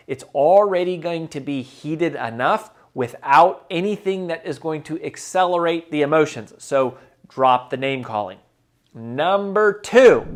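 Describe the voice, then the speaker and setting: Emphatic male speaker, fairly high voice. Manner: emphatic, repeats key phrases, swings from loud to soft for effect. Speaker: motivational speaker. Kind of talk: direct-to-camera advice talk.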